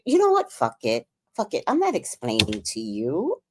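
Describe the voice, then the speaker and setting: A woman's voice: low-pitched, huge pitch swings, normal speed, noisy background. A middle-aged woman and grandmother hosting a casual livestream chat, talking bluntly with profanity and telling family stories. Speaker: livestream host.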